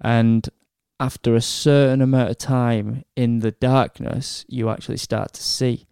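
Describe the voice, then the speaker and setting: A man with a Northern English accent, a podcast co-host explaining something in halting, repeated bits of casual chat. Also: mid-range voice, flat delivery, vocal fry, darkish tone, smooth, dry recording, clean studio sound.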